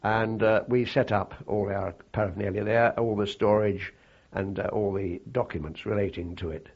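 An older man recalling his wartime service in a halting, reflective way, with frequent fillers and restarts. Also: fairly low pitch, steady tone, highs cut off. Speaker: interviewee. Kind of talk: oral history recollection.

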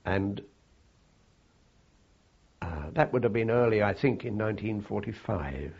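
An older man recalling his wartime service in a halting, reflective way, with frequent fillers and restarts. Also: fairly low pitch, animated, creaky, breathy edge, lo-fi sound. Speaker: interviewee. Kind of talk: oral history recollection.

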